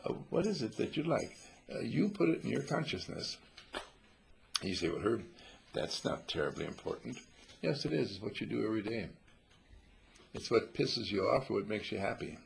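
A man's voice: mid-range voice, normal speed, creaky, pauses often, a little hiss or hum. A man teaching a group at a monastery in a rambling, questioning way, often acting out quoted voices. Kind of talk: informal spiritual talk to a group.

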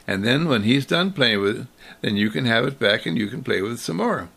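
A man voicing a hushed, gentle mother. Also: medium pitch, lively intonation, a little fast, vocal fry, voice pushed down. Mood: patient. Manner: soft, hushed and coaxing. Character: gentle, patient mother soothing her child.

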